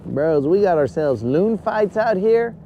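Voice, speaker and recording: A man's voice: high-pitched, animated, a little slow, dull audio, a little hiss or hum. A man hosting a live fishing stream from a boat on a lake. He talks in a casual, joking way and keeps calling his viewers bros. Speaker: fishing livestream host.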